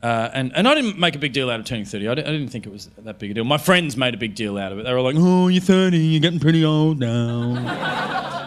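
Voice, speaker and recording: A man in his thirties doing a stand-up comedy routine on stage, telling an animated, self-mocking story with lots of restarts. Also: medium pitch, racing, few pauses. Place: comedy venue stage before a live audience.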